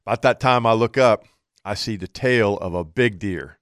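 A man's voice: on the low side, moderate pace, clear, resonant tone, dry recording, clean studio sound. A man telling a hunting story in casual chat, acting out what he and his buddy said. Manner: animated storyteller, quotes himself and others.

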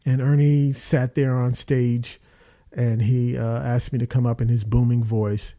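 A man, an actor being interviewed, who tells rambling, animated stories with lots of fillers. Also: medium pitch, measured pace. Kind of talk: casual storytelling.

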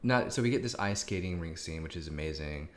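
Man, very low voice, podcast co-host, thoughtful, hesitant. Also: lively intonation, fairly quick. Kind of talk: casual movie review chat.

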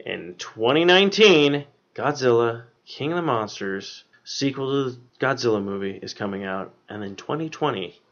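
A man's voice: mid-range voice, lively intonation, moderate pace, fairly bright tone, lo-fi sound. A man hosting a podcast, recapping a film in casual chat with lots of fillers and swearing. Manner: rambling, many fillers and swearing. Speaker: podcast host.

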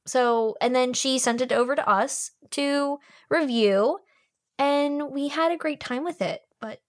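A woman co-hosting a podcast, reviewing an audiobook in casual, fast chat full of "like" fillers. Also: high-pitched, dry recording, studio quality. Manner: chatty, fast, lots of "like" fillers.

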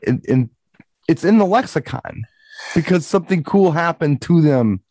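A man's voice: on the high side, animated, moderate pace, mellow, no echo. A man who works as a DJ, talking over ideas about music in a casual chat and explaining his point step by step. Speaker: DJ and podcast co-host.

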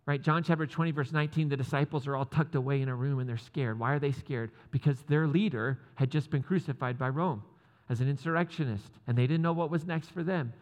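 A man's voice: mid-range voice, brisk. Casual preaching man in a reverberant hall. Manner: casual, joking asides with laughs. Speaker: pastor. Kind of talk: sermon.

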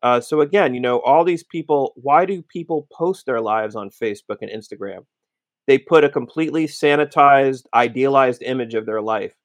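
A man's voice: mid-range voice, normal speed, no echo. A man on a podcast interview, giving analytical, conversational commentary.

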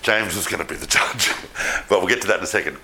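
A man lectures on history to a live audience with a bright, forceful tone. He tells the story with lots of energy and speaks straight to the room. A faint hiss sits under his voice. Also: deep voice, fast, gravelly. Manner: animated storytelling, addresses the audience.

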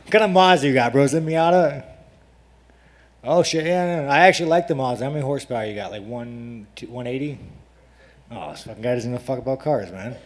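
A man's voice: medium pitch, quick pace. A man, a professional fighter, giving unfiltered, profane, rambling answers and mocking reporters at a media day. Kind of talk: unfiltered press conference answers. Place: crowded media day press room.

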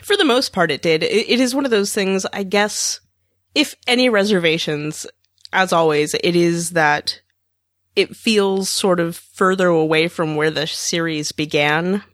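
A podcast co-host in casual chat, wry and quick with a quip. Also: male voice, sits high, a bit bright, no room sound, studio quality.

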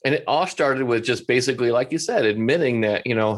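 A man's voice: medium pitch, a little fast. A man being interviewed on a podcast, telling stories casually and acting out the voices of the people he quotes. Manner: animated, acts out quoted voices. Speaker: restaurant coach, guest.

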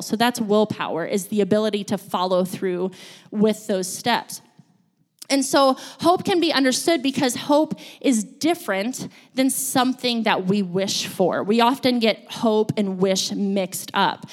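A woman, a school counselor, giving a sermon in a church, telling stories in an animated, playful way. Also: mid-range voice. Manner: storytelling, animated, playful with laughs. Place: church sanctuary.

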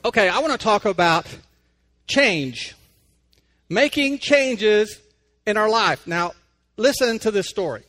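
A man's voice: high voice, a bit bright. A man hosting a radio devotional, telling stories and talking plainly about faith in a conversational way. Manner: folksy storytelling, plain-spoken.

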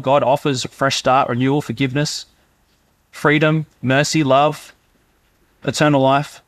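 A pastor delivers a sermon in a relaxed, conversational way, sometimes slipping into the voices of inner thoughts. His voice sits a little high for a man, and the sound is dry and close with no room sound.

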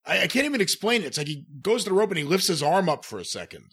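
A man co-hosting a casual podcast reviews old matches and reads out the show's plugs, wrapping up in a relaxed way. His voice is high-pitched, slightly rough, and racing.

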